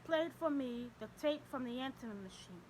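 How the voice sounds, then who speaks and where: Stern old russian priest guy, clipped and formal, kinda high voice, woman reading him. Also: animated, normal speed, darkish tone, a little hiss or hum, rough recording. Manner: terse, formal, ignores questions.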